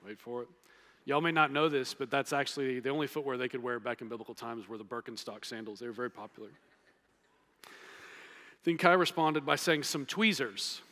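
Pastor preaching in a reverberant hall. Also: male voice, medium pitch, a little fast, long pauses, pushed and bright. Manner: playful, conversational preaching with emphatic repetition. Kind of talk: sermon. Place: church sanctuary. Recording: long reverb of a large hall.

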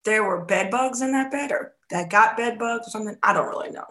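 Woman, faith coach, casual podcast chat, animated storytelling, hushed asides. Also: a little high, fairly quick. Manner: animated storytelling, acts out quoted dialogue.

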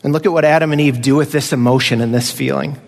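A man's voice: mid-range voice, fairly even intonation, fast talker, gravelly, long reverb tail. A man preaching a conversational sermon as pastor, now and then acting out voices of children.

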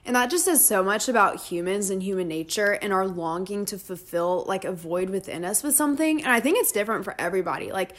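A woman's voice: medium pitch, expressive, fast, hardly any pauses. A young woman speaking as a podcast guest in casual chat, earnest and reflective. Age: young adult.

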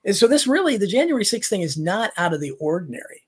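A male show host from the United States, with a high-pitched, slightly rough voice, talks casually and quickly about politics. He's animated and rambles from one tangent to the next.

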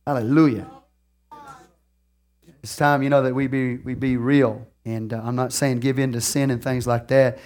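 A man preaching a sermon to his congregation, swinging from hushed confessions to shouted lines and laughing often. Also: medium pitch, little pitch movement, normal speed, long pauses. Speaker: pastor. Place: church.

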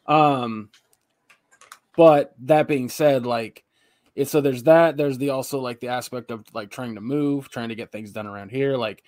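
A young man co-hosting a podcast, telling rambling stories full of swearing. His pitch sits in a middle range. The sound is dry and close, with no room around it. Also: steady tone, moderate pace, dark tone, no room sound. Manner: profane, rambling storytelling. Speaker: podcast co-host. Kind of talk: casual chat.

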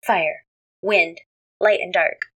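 A woman co-hosting a casual podcast reads a drama's plot recap from her notes, commenting frankly, swearing at times and reacting with short agreements. Her voice is fairly low, husky and fairly bright, with a steady tone and slow pace. The recording quality is low.

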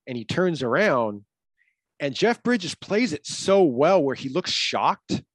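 A man's voice: medium pitch, expressive, unhurried, no room sound. Chatty man acting out movie lines. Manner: retells scenes, acting out lines, filler-heavy. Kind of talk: casual film discussion.

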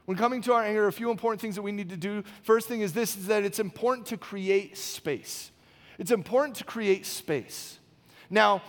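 A man in his thirties preaching a sermon, telling a personal story in a conversational way and often checking in with the congregation with "okay?". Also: high-pitched. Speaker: pastor. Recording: long hall reverb.

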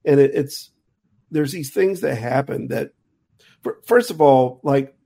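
A man's voice: mid-range voice, measured pace, gravelly, dark tone. A middle-aged man, a jazz musician and teacher, casually telling a rambling anecdote with many restarts. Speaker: touring jazz musician and college teacher, guest. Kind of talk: casual storytelling in a conversation.

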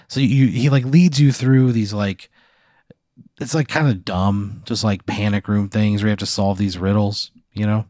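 Dude on a podcast rambling thru a made-up story, lotsa "like", kinda low voice, dry sound. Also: male voice, steady tone, normal speed, a little mellow, no echo. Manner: rambling, lots of "like", swears casually. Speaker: podcast host. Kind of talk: casual storytelling chat.

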